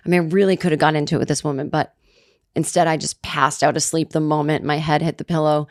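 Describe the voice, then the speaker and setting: A middle-aged woman hosting a solo podcast, with a slightly low voice. She rants and spins stories with sarcasm and quick asides, recorded close and dry with no room sound. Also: little pitch movement, dry recording. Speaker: podcast host. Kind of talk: comedic solo rant.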